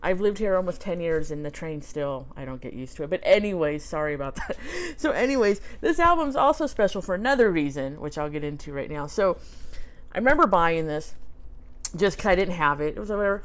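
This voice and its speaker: Rambling, chatty woman vlog host, slightly low voice, casual at home. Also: animated, brisk. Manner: rambling and chatty, laughs often. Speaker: vlog host showing records. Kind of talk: casual chat. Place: home near a railway.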